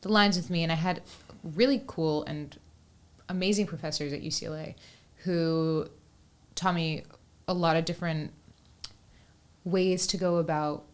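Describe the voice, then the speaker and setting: A woman's voice: low voice, steady tone, a little slow, long pauses. A woman in her twenties, a guest musician, chatting casually and thoughtfully in an interview, often saying "like" and "whatnot.". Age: 20s. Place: Los Angeles.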